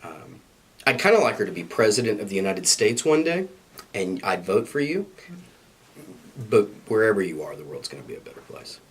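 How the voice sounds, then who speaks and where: A middle-aged man, a little sick and hoarse, with a low, husky voice. He answers interview questions in an earnest, reflective way, with a dry, self-deprecating edge. The voice sits on the deeper side and has a rough, breathy grain. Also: sing-song, normal speed. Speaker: university staff interviewee. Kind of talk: recorded interview.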